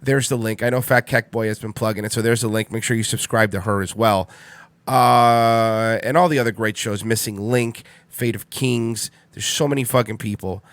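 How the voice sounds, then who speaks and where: A man's voice: lowish voice, fairly even intonation, normal speed, a bit bright, no echo. A man in his thirties hosting a livestream radio show, rambling in casual chat, repeating himself and swearing bluntly. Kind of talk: casual solo stream chat.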